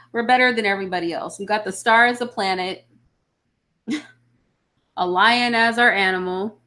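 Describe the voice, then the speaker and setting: A woman's voice: a little high, bright, forceful tone. A woman hosting a casual live chat, a mother answering viewer comments in a blunt, opinionated way. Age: adult mother of children. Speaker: livestream host answering chat.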